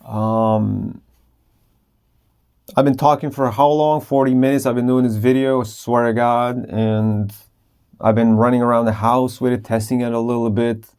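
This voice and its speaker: A man's voice: mid-range voice, steady tone, normal speed, darkish tone, smooth. A tired man rambling casually at home late at night while he tests a small clip-on wireless mic. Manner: rambling, self-interrupting, sometimes whispering. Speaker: vlogger testing a microphone.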